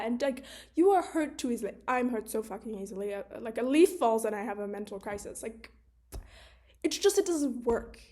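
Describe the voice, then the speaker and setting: A young woman video creator talks frankly to camera in a casual monologue, her high voice warm in tone. She's candid and chatty, swears freely, and fills her speech with "like."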